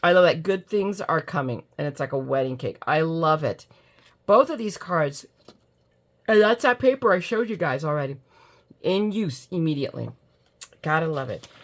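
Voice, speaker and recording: Speaking at a moderate pace in a low, expressive voice, this middle-aged American woman, a crafting YouTuber, casually unboxes crafts while sleepy from allergy medicine. She's chatty and gushing, yawns now and then, and makes fun of herself.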